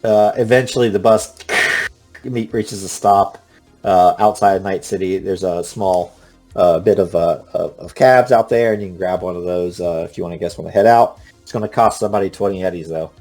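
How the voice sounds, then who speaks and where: A man narrating a tabletop role-playing game as game master, halting often with uh and um. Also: deep voice, warm tone, soft background music. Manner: halting, full of uh and um.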